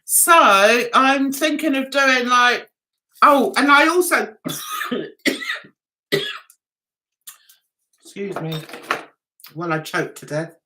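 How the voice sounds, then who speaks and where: An English woman hosting a casual livestream chat, her voice bright and a touch high. She talks slowly and rambles, calling her viewers "guys", and she is losing her voice. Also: animated, low-quality recording. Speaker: livestream host.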